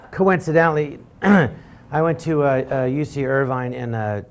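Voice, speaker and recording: A man telling a comic anecdote as a guest on a game show, rambling and halting with frequent restarts. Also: a little high, noisy background. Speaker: guest comedian.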